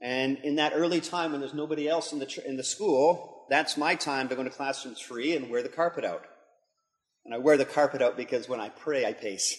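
A middle-aged man who is both a pastor and a school leader speaks briskly at medium pitch. His earnest devotional talk builds toward emphatic intensity, and the recording carries a long hall reverb.

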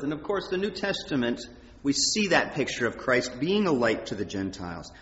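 A man preaching a sermon in a conversational, animated way, his voice rising high when he quotes prayers. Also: moderate pace. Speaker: pastor. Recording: echoey hall, dull sound.

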